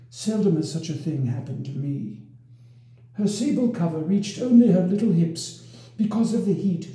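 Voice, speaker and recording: A man narrating a medieval romance in an expressive storybook reading, with a roomy echo. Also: a little high.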